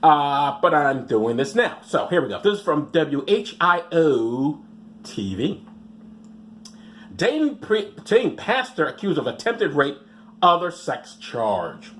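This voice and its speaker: A man's voice: a little high, very animated, slow, a little hiss or hum. A man reading out news stories and mocking them with sarcastic, rambling asides. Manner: rambling, mocking asides, mumbled "blah blah" skips.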